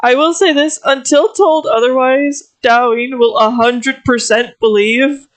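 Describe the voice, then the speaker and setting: A woman player in a tabletop game, chatting casually and making dry, unhurried jokes. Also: high voice, steady tone.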